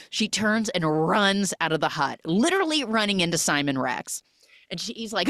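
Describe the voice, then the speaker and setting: A woman recapping a film plot on a podcast in a casual, animated way, acting out characters and sound effects with lots of "like". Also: on the low side, brisk, dry recording, studio quality. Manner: animated retelling, acts out characters and sound effects, many "like" fillers.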